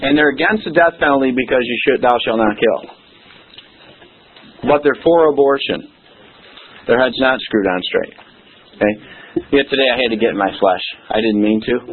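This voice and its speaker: A man's voice: mid-range voice, normal speed, long pauses, breathy edge. A man preaching a sermon, emphatic and folksy, often checking in with "okay?". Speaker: pastor. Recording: tinny phone-like lo-fi recording.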